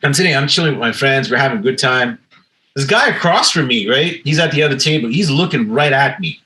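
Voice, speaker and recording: A man's voice: medium pitch, fairly quick, rough recording. A man telling a bar story in casual podcast chat, profane and acting out what people said. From Canada. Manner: animated, profane, acts out quotes. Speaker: podcast host.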